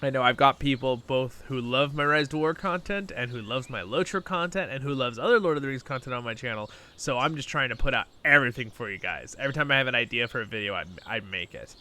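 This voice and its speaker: Talking fast with hardly any pauses in a mid-range voice, a gaming channel host gives casual gameplay commentary at his computer. He's just woken up and sleepy, speaking into a new desktop mic, relaxed and rambling with frequent chuckles.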